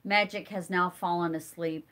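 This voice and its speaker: In a lowish, steady, slightly bright voice at normal speed, a middle-aged woman with a stuffy nose runs a casual homesteading live stream. She chats away and replies to viewer comments as they roll in.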